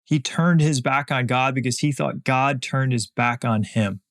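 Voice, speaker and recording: Podcast guy, gravelly voice, earnest and emphatic, talking faith and growth. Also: mid-range voice, unhurried. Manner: earnest, emphatic, repeats phrases. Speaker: podcast host. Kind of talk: motivational faith talk.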